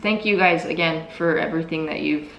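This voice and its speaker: A woman's voice: low-pitched, a little fast. A woman co-hosting a casual vlog, talking earnestly and reassuringly to her viewers and often repeating herself. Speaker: co-host of a couple's channel. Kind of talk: casual chat to camera. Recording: roomy with faint noise.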